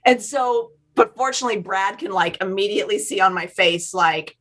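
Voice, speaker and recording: A woman's voice: mid-range voice, normal speed, a bit bright, poor audio. A woman guest in a casual podcast conversation, talking candidly and swearing freely about herself.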